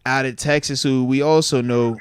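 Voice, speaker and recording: A man co-hosting a casual podcast, talking in an energetic, joking, slangy way. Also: medium pitch, moderate pace, clean tone, no room sound, clean studio sound. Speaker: co-host.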